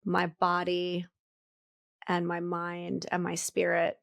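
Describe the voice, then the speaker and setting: A woman's voice: lowish voice, monotone, slow, gravelly, a bit bright, no room sound, studio quality. A woman in her forties co-hosting a podcast, chatting casually and reflectively, laughing often. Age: 40s. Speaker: podcast co-host. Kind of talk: casual chat.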